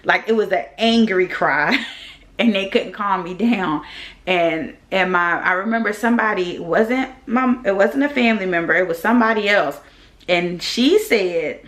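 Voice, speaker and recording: A young woman vlogging casually, telling a personal story in an animated, heated way with lively quoted rants and features. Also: mid-range voice, moderate pace.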